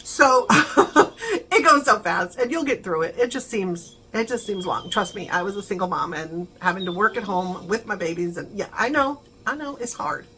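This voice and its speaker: A woman's voice: mid-range voice, expressive, a little fast, few pauses, fairly bright tone, low-quality recording. A middle-aged woman chatting casually to her viewers, encouraging and laughing often. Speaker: vlogger. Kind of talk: casual chat to camera.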